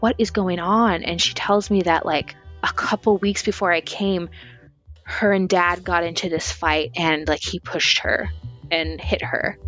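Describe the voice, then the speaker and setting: A woman guest on a podcast telling a personal story in a candid, expressive way, often saying "like". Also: fairly low pitch. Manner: candid, expressive, fills speech with "like".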